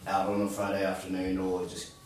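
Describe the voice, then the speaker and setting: Distant low-voiced man in a very echoey room. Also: completely flat delivery, brisk, a little mellow. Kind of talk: casual group discussion.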